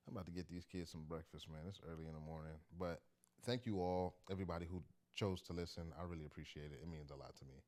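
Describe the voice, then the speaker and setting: A man's voice: deep voice, a little mellow. A man who does stand-up comedy, telling a story in a loose, chatty, slangy way. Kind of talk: casual storytelling to camera.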